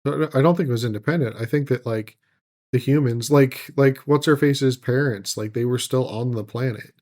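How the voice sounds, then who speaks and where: A man's voice: medium pitch, moderate pace, darkish tone. A man co-hosting a podcast, talking loosely with many likes and hedges. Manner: loose, hedging talk full of like. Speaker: podcast co-host. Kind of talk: casual chat.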